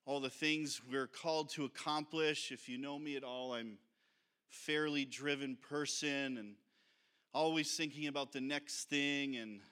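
A pastor delivers a sermon in an earnest, reflective, conversational way, then sings slowly to lead the congregation. His voice is fairly high, with a sharp edge and a clear, resonant quality.

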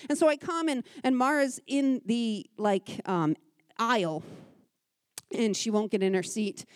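A woman in her thirties shares a personal testimony at a church women's gathering, in a voice pitched a little high. She talks in a lively, conversational way with quick asides, earnest and heartfelt. The recording is dry and close, with hardly any room sound. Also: no echo.

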